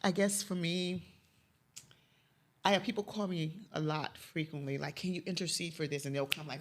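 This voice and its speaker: A middle-aged woman from Chicago's West Side who mentors young people speaks briskly in a lowish voice. In an emotional personal interview, she shares a story of faith and loss, her words falling to almost a whisper when feeling overtakes her.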